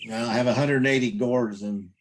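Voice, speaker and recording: Conversational man from North Carolina, mid-pitched voice. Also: steady tone, fairly quick, slight background noise, low-quality recording. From central North Carolina. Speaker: caller with a question.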